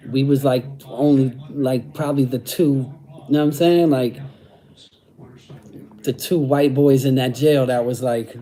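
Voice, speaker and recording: A man's voice: mid-range voice, fairly even intonation, a little slow, dark tone. A middle-aged man chatting casually on a livestream, using street slang and repeating phrases. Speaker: host reading live chat.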